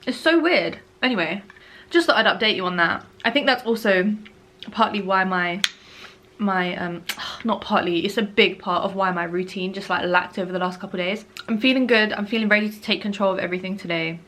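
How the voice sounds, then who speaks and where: Bright-voiced chatty young woman. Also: medium pitch, a little fast. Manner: chatty, animated, repeats words for emphasis. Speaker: vlogger. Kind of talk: casual diary vlog.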